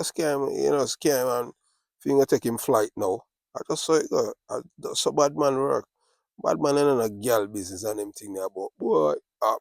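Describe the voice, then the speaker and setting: A man's voice: medium pitch, gravelly, a little mellow, no room sound, clean studio sound. A man with a Jamaican accent, talking in a casual monologue with repetitive, boastful, patois-laced street talk.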